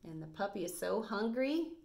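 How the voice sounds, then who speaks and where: A woman teaching a first grade reading lesson on video, speaking in a bright, encouraging classroom voice with plenty of praise. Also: medium pitch, very animated, normal speed, gravelly. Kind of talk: recorded video lesson for young children.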